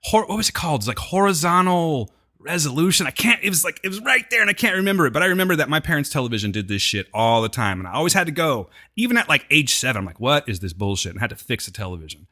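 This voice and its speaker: A man's voice: fairly high pitch, racing, few pauses. A man co-hosting a podcast, recapping a TV episode in casual chat and acting out the characters' lines. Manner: animated, jokey, acts out quotes. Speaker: podcast co-host.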